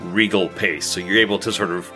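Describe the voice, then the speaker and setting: Low-pitched guy running a dnd game, laid-back, chuckles a lot, faint music behind. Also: steady tone, a little fast, pushed and bright. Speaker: game master. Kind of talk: narrating a tabletop game.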